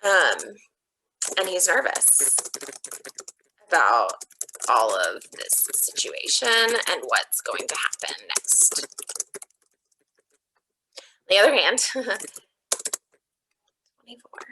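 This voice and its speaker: Lively bright-voiced woman teacher. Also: sits low, a little hiss or hum, low-quality recording. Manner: thinks aloud step by step, explaining her reasoning. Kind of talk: recorded online lesson walkthrough.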